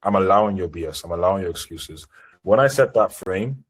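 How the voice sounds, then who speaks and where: A man's voice: deep voice, expressive, a little fast, husky, low-quality recording. A man teaching sales in a live seminar, talking in a direct, assertive way. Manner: direct, assertive coaching talk. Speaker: sales trainer. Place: online group call.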